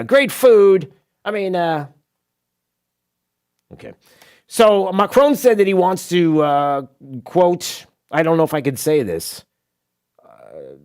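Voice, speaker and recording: Sarcastic radio guy ranting, voice jumps all over, kinda high. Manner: sarcastic, animated, rambling with asides. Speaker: radio talk show host. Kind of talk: opinionated talk radio monologue. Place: radio studio.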